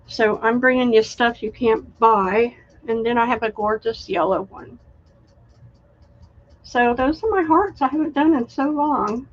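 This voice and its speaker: Slow-talking woman hosting a live craft sale. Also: a little high, lo-fi sound. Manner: chatty, unhurried, shows items and reads out bidders. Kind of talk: live online sales stream.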